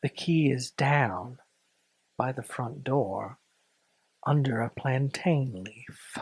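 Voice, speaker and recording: A man voicing an obsessive, unraveling woman in a hushed, near-whispered way. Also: mid-range voice, slow, husky, no echo, pitched below the performer's own voice, rough recording. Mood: eerily gentle.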